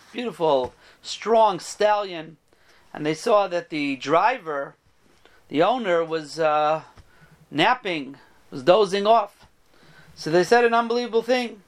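High-voiced man telling a parable. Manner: animated storyteller, voices the characters. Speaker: rabbi giving a Torah talk. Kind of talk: storytelling sermon.

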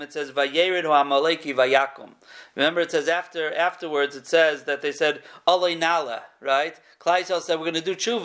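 High-voiced man teaching a text class. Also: fairly bright tone. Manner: conversational, corrects himself, peppers English with Hebrew terms. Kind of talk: textual study lecture.

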